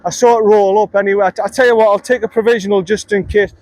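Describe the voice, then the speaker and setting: A golf vlogger with a high, darkish voice talks quickly and fairly evenly while playing a round outdoors, keeping up chatty, self-critical commentary and muttering at himself after bad shots. There's no room sound.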